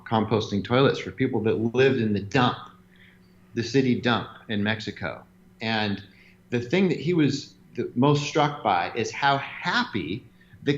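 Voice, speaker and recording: A man being interviewed, telling stories in an animated way and laughing now and then. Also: mid-range voice, lo-fi sound, a little hiss or hum. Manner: animated storyteller, laughs often. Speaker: interview guest, gym owner. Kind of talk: conversational interview.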